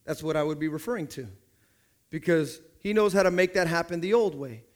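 A pastor with a slightly high voice preaches a little quickly in church. He gets the congregation to answer back and acts out small scenes using other people's voices.

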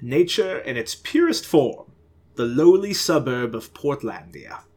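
A man's voice: medium pitch, very animated, measured pace, a little mellow. A man voicing a bumbling, theatrical British ghost, an old inventor who gets flustered and pleads dramatically.

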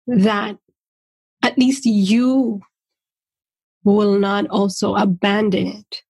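A woman giving a gentle, searching personal monologue, pausing often with fillers as she talks through hard feelings. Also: mid-range voice, breathy edge, dry recording. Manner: slow, gentle and searching, with many pauses and fillers.

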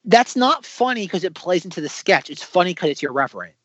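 A man co-hosting a podcast, casually critiquing comedy sketches in an animated way, often mimicking other voices. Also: high-pitched, quick pace, breathy edge, no room sound, muffled recording. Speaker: podcast co-host. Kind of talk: casual chat reviewing sketches.

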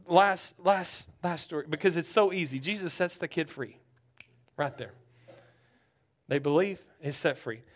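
A male pastor preaching a sermon. He swings from loud urgency to hushed storytelling, often repeating words as he builds. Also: a little high.

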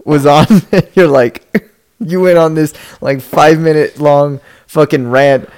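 A man's voice: a little high, fairly even intonation, slow, darkish tone, clear, resonant tone. A man chatting casually with a friend, laid-back, swearing a lot and laughing often. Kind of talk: casual chat.

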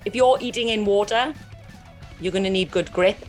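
A woman's voice: mid-range voice, normal speed, soft background music. A woman co-hosting a nature podcast, rambling and giggly in casual chat. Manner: rambling, giggly, lots of fillers. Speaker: podcast co-host.

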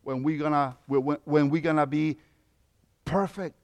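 A man in his fifties from Mexico, with a Mexican Spanish accent, preaching a sermon as pastor, moving from quiet reflection to loud emphatic points. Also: on the high side, steady tone, normal speed. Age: 50s.

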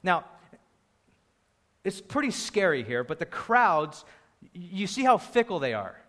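A young man preaching a sermon in an animated way, acting out the crowd's voices and raising his voice for emphasis. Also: sits high, slow pace. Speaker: pastor.

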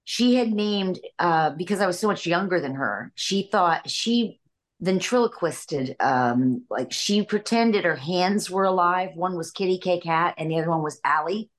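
Chatting as an interview guest, this older voice actress from Illinois tells relaxed stories punctuated by frequent laughter. She talks a little slowly, in a voice on the low side.

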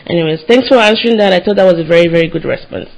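A man's voice: high-pitched, gravelly, low-quality recording. A man hosting a podcast interview, chatty and encouraging, who came to the US as an international student. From grew up abroad, former international student in the US. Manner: chatty and encouraging, quick asides. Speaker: podcast host. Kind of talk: casual interview chat.

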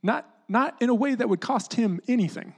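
Casual, animated preacher explaining scripture. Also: medium pitch, normal speed, breathy edge. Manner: casual, animated teaching with lots of "like" and "you know"; often drops into a hushed voice to act out quotes. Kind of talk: conversational sermon.

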